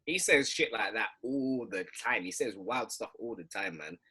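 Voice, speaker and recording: A man's voice: fairly low pitch, moderate pace, breathy edge. A man talking emphatically in a casual podcast chat with friends. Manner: emphatic, lively ranting. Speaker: podcast co-host.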